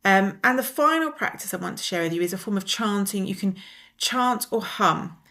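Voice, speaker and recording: Woman walking you through breathing exercises, calm and gentle, talks you through each step. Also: mid-range voice. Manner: calm, gently instructive, slows down to guide exercises. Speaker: wellness teacher. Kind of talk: guided breathing lesson.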